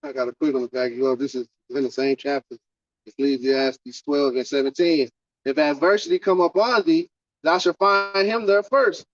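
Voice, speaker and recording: A man reading scripture aloud in a slow, measured way, his voice a touch high. The audio is dull and lo-fi with a dry, close sound. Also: fairly even intonation, no room sound. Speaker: scripture reader.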